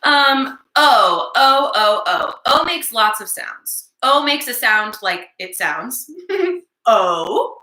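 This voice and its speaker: A woman's voice: fairly high pitch, big pitch swings, slow pace, bright, forceful tone, roomy sound. A young woman teaching a virtual circle time lesson to small children, with a playful, sing-song way of talking. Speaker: preschool teacher.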